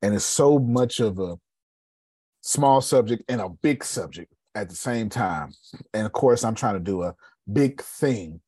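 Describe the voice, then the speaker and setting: Husky low-voiced man, blunt coaching talk. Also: lively intonation, measured pace, warm tone, no echo. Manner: blunt, repetitive, swears freely; addresses listeners by name. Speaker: host of a coaching meeting. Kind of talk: casual motivational talk.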